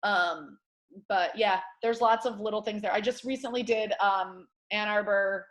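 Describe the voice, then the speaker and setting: Animated woman telling a wild story. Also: medium pitch, unhurried. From Michigan, Detroit area. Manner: animated storyteller, acts out quotes loudly. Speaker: comedian guest. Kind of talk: casual podcast storytelling.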